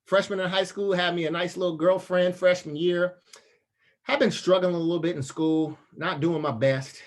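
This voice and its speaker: A man in his thirties giving a motivational talk as a storyteller, casual and slangy, acting out the other people's voices. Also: moderate pace. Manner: animated storyteller, acts out voices with big pitch jumps. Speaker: motivational speaker.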